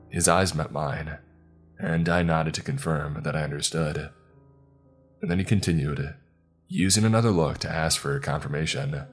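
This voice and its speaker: A man narrating a scripted first-person horror story in a calm, steady way. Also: very deep voice, moderate pace, husky, soft background music.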